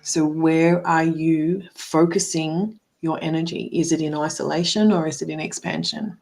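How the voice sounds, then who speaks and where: A woman's voice: deep voice, fairly even intonation, normal speed, gravelly, a little mellow. A middle-aged woman coach giving a live card reading, speaking emphatically, swearing freely, calling viewers by name and often tagging sentences with "right?". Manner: frequent tag "right?". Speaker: spiritual and business coach.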